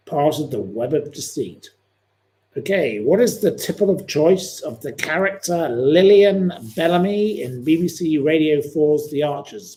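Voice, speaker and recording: A man's voice: medium pitch, warm tone. A man hosting a live-stream quiz, chatting in a rambling, opinionated way between questions. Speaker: livestream host.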